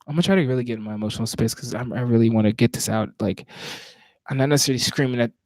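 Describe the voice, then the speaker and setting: A Virginia spoken word poet with a Southern accent talks very fast in a medium-pitched, slightly mellow voice, with no room sound. Between poems on a nighttime livestream from home, he chats casually and reflectively, searching for words and restarting his sentences.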